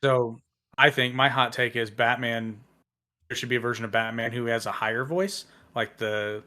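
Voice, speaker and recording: A man's voice: mid-range voice, fairly even intonation, moderate pace, sharp tone. Playful joking man on a podcast. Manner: playful, jokey. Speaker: podcast guest. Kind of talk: casual podcast chat, joking.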